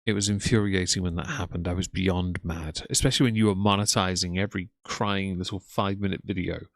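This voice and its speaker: A man delivers scornful reaction commentary, blunt and sarcastic. His voice sits low with a gravelly fry. The recording is dry and close, with no room sound. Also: fairly even intonation, a little fast, no room sound. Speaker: commentary YouTuber.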